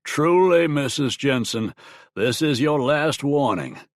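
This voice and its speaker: A man voicing a stern, scheming army colonel in an audiobook, with a sharp, strident, clipped delivery. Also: medium pitch, expressive, no echo, clean studio sound, voice pushed up. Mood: cold. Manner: cold, clipped, deliberate. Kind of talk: audiobook character voice.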